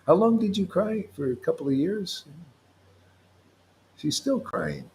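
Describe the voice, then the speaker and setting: A man's voice: fairly high pitch, wildly swooping pitch, measured pace, a little mellow, a little hiss or hum. Playful man giving a devotional talk. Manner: playful, laughing often between points; reads scripture aloud then explains. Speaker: spiritual teacher.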